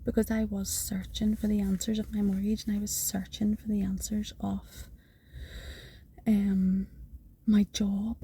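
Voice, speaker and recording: A woman's voice: mid-range voice, creaky, mellow, a little hiss or hum. A woman telling a personal faith testimony in an earnest, half-whispered way, repeating phrases for emphasis.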